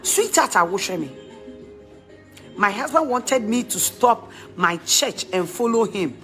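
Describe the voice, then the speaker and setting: A middle-aged woman with a Ghanaian accent giving emphatic, preachy advice in animated talk, laughing often. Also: mid-range voice, takes it slowly, faint music behind.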